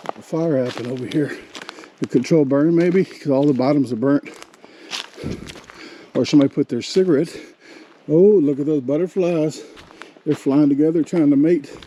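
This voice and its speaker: A man talks into his handheld camera as he hikes, out of breath and rambling, often correcting himself in a folksy way. His voice is mellow and dark. A faint hiss of noise sits under it. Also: fairly high pitch, moderate pace, pauses often. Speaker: outdoor vlogger. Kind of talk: casual hiking vlog talk. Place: forest hiking trail outdoors.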